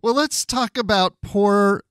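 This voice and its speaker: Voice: medium pitch, slow, fairly bright tone, smooth, dry recording, clean studio sound. A co-host of a casual book-club podcast who laughs often and talks in a playful way.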